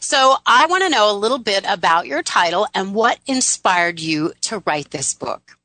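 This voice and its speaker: A woman's voice: medium pitch, expressive, moderate pace, sharp tone, no room sound. A woman hosting a radio interview show, speaking in an upbeat, emphatic inspirational way.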